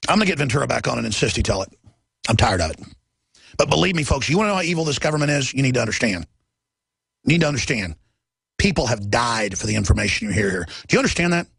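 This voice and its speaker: A man's voice: medium pitch, very animated, fast, vocal fry, a bit bright, slightly rough, no room sound. A middle-aged man hosting a talk radio show, ranting in an agitated monologue full of rhetorical questions.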